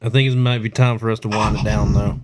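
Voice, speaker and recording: A man's voice: on the low side, flat delivery, quick pace, a little mellow, a little hiss or hum. A man chatting and joking as a guest on a casual podcast. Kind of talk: casual chat.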